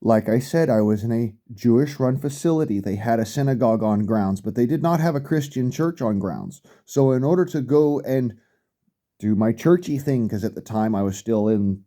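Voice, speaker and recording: Middle-aged man, very dark, mellow tone, blunt and profane, ranting in a vlog. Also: medium pitch, animated, moderate pace. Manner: blunt, heavy swearing, repeats himself for emphasis. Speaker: vlogger. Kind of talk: profane rant.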